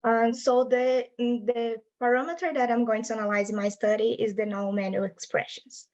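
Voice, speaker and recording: A woman's voice: a little high, fairly even intonation, moderate pace, a little mellow, muffled recording. A young adult woman presenting her linguistics research in an academic talk over a video call, explaining patiently in non-native English phrasing.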